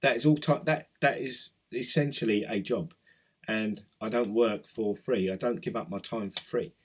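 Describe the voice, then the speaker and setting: A man's voice: fairly low pitch, normal speed, breathy edge. Male crypto vlogger, London accent, rambling casual chat. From South East London. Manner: chatty, rambling, reads out viewer comments. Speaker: crypto YouTuber. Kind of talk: casual chat with live chat viewers.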